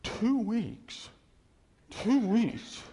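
A man's voice: high-pitched, very slow, warm tone, breathy edge, big-room sound. A man preaching a sermon in an earnest, conversational way, often repeating phrases for emphasis.

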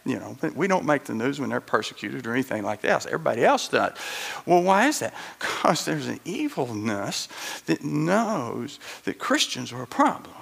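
A man preaching a sermon with animated storytelling, acting out the voices in his stories with chuckling asides. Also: mid-range voice, moderate pace, gravelly, husky.

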